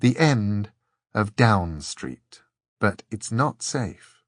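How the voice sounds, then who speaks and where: A man voicing a sweet, teasing young woman, speaking slowly. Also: fairly low pitch, sing-song, dry recording, clean studio sound, heavily acted.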